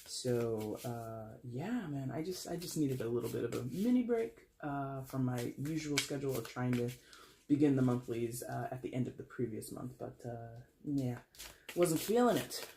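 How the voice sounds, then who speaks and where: A man talks viewers through a tarot reading in a relaxed, chatty vlog. His voice sits at an ordinary middle pitch. He rambles and corrects himself as he goes, over faint background noise. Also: moderate pace, gravelly. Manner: addresses viewers as guys. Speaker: tarot reader.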